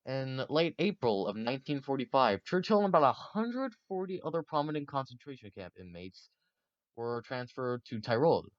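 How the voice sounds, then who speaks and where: A man's voice: medium pitch, big pitch swings, moderate pace, dry recording, lo-fi sound. A man casually narrating history for a video, rambling and joking with many fillers.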